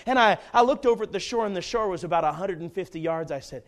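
A man preaching a sermon, telling a folksy, humorous personal story in an animated way. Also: sits high, fast talker.

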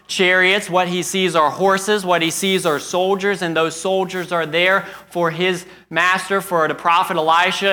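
A man's voice: high voice, sharp tone. A man preaching a sermon, retelling scripture stories with repetition and earnest asides.

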